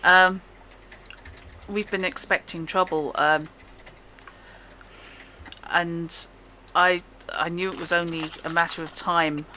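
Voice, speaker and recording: A skittish young dwarf smith, stiff and overly formal, as a woman puts him on. The voice is low and bright with a tense edge. A faint room hum sits behind it. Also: steady tone, takes it slowly, pauses often, rough recording. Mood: nervous. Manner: formal, apologetic, hesitant.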